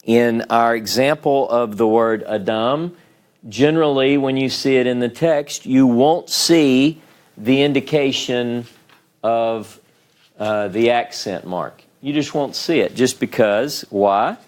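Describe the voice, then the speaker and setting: Slow-talking man teaching a class. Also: medium pitch, a little mellow. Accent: Southern US. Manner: unhurried, explanatory, frequent "okay?" and "right?" check-ins. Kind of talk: classroom lecture.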